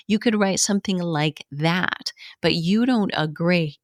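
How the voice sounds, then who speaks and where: A woman's voice: mid-range voice, takes it slowly, no room sound, studio quality. A woman teaching coaching skills in a conversational way, repeating key points for emphasis. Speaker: coaching instructor. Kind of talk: informal teaching talk.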